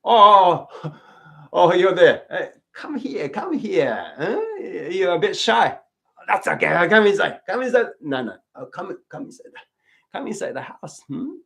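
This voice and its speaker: A man's voice: on the high side, very animated, takes it slowly, pauses often, a little mellow, full character voice. A man playing a cheerful man who coaxes a shy visitor at the door to come inside. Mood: coaxing. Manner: coaxing, friendly.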